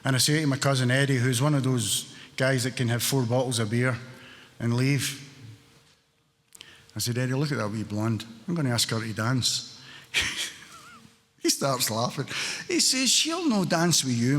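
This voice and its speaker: A man's voice: medium pitch, lively intonation, normal speed, long pauses, fairly bright tone, long reverb tail. A Scottish man in his sixties telling funny, self-mocking stories at a recovery meeting, laughing often. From Scotland. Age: 60s. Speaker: AA meeting speaker. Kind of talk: storytelling talk.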